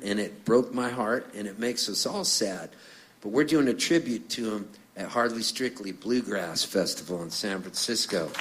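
A man's voice: medium pitch, fairly bright tone, rough recording. A middle-aged singer-songwriter telling playful, rambling stories between songs on a live stage, laughing as he goes. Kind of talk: onstage storytelling.

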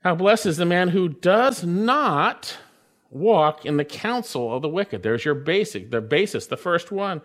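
A man preaching a sermon in a slightly higher voice. He reads scripture aloud and lifts his voice to stress the key phrases. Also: expressive, a little slow, a bit bright. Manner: emphatic, rising on key phrases. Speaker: pastor.

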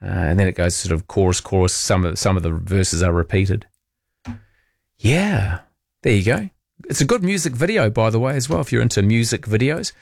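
A man's voice: lowish voice, normal speed, creaky, no room sound. Nz guy on overnight talk radio, laid back and jokey, dead dry studio sound. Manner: relaxed, chatty, self-deprecating. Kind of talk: late-night radio, reading listener texts. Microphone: studio microphone.

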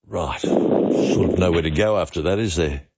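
An Australian man hosting talkback radio, relaxed and unhurried with many uh fillers. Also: low-pitched, highs cut off, heavy background noise.

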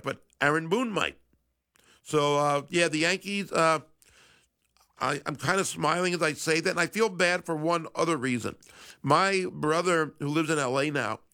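A middle-aged man talks sports on the radio in a relaxed, wry monologue. His voice sits a little high and carries a gravelly rasp. He often stops to correct himself and then carries on. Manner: chatty, self-correcting, wry. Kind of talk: casual sports talk monologue.

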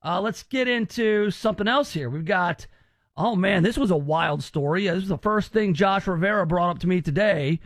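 A man's voice: sits high, moderate pace, dry recording, clean studio sound. A man hosting a radio talk show, chatty and joking with rambling asides. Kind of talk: casual radio show chat.

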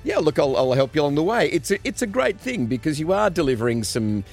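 A man's voice: on the high side, quick pace, gravelly, faint music behind. A middle-aged man with an Australian accent, a guest news anchor chatting casually on radio and giving advice. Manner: relaxed, advising, lively delivery.

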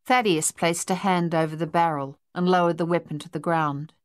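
A woman narrating a novel in steady, even storytelling. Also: lowish voice, moderate pace, no room sound, studio quality. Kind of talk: audiobook narration.

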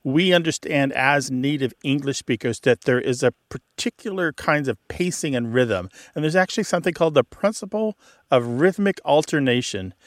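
A man's voice: mid-range voice, expressive, moderate pace, no echo. A man hosting a call-in radio show, explaining word usage to a caller with enthusiasm. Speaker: host.

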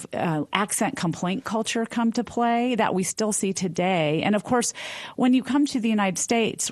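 A woman's voice: mid-range voice, dry recording. Woman professor explaining on the radio, dry. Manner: explanatory, with quick restarts. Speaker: linguistics professor, guest. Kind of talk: radio interview answers.

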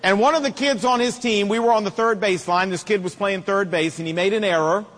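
A man's voice: high voice, brisk, a bit bright, long reverb tail. A middle-aged man preaching a sermon, with emphatic, repetitive rhetoric and folksy humor. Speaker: pastor.

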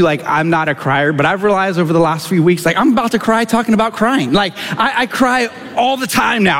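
Pastor, male, fairly high voice, candid storyteller voicing each character, reverb of a big hall. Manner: candid, animated storyteller acting out dialogue. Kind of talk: sermon storytelling.

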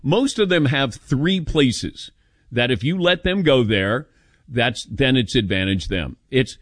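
Speaking slowly on a dry, studio-quality recording, a middle-aged sports radio host fields calls from listeners. Emphatic and full of opinions, he stays animated and leaps up in pitch for emphasis.

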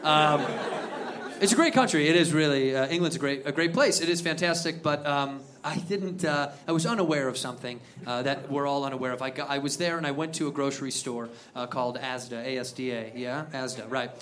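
A man doing a stand-up comedy set, telling an animated story that builds to shouted punchlines. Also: mid-range voice, fairly quick, a little hiss or hum. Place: comedy venue stage. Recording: live club set, crowd laughter. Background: audience laughing.

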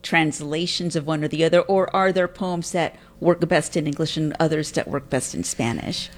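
A woman's voice: low voice, normal speed. A woman interviewer asking thoughtful questions in a conversational way.

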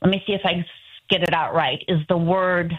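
A woman in her sixties, a first-time caller to a radio show, chatting in a halting, apologetic way over a phone line. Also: lowish voice, fairly even intonation. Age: 60s. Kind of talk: radio call-in chat.

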